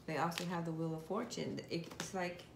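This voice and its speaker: A woman's voice: lowish voice, brisk, vocal fry. A woman giving a casual tarot reading to her viewers, chatty and direct, putting questions to spirit aloud. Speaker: tarot card reader. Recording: echoey room with steady background noise.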